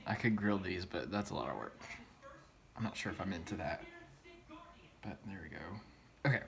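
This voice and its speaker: A man's voice: deep voice, brisk, vocal fry, a crowd in the background, poor audio. A young man chatting casually while he cooks in his home kitchen, rambling, swearing often and filling his talk with "like". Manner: excitable, rambling, swears often, many "like" fillers. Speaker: vlogger. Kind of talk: casual cooking vlog chat. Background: frying sizzle.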